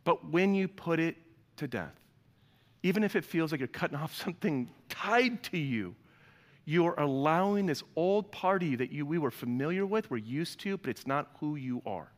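A man's voice: a little high, animated, normal speed, big-room sound. A man preaching a sermon in a large church, telling stories and acting out the people he quotes in playful voices. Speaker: pastor.

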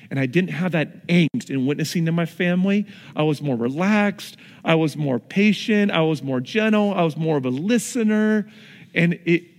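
Man preaching in a reverberant hall. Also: a little high. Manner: conversational preaching with acted-out asides. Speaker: pastor. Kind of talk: sermon. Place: church sanctuary. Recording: long reverb in a large hall.

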